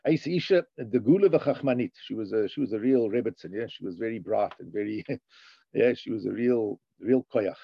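A man teaches from a text in a gravelly, husky voice. His pitch lifts into a chant on the passages he reads before he drops back to explain them. The recording sounds dry and dull. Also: normal speed, no echo. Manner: animated, sing-song rises on the read passages. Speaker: Torah teacher. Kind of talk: lecture reading a text and translating.

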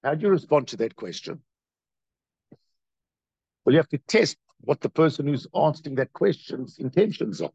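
A man giving a Torah class as its teacher, in an animated, questioning way full of rhetorical questions. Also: on the high side, moderate pace, gravelly, pauses often, slightly rough, no room sound, highs cut off.

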